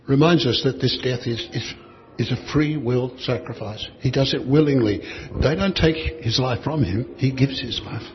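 A man's voice: medium pitch, dull audio. A man teaching a Bible class in a conversational way, asking his students questions and chuckling now and then.

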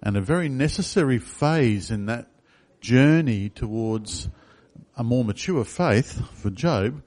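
A man's voice: mid-range voice, lively intonation, takes it slowly, darkish tone. A man preaching a sermon in a conversational way, asking the congregation questions. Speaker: pastor.

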